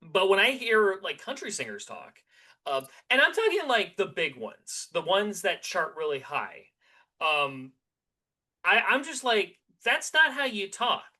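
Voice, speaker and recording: A man's voice: high voice, sing-song, unhurried, pushed and bright. A man co-hosting a podcast, chatting casually and rambling animatedly through his opinions with many restarts. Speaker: podcast co-host.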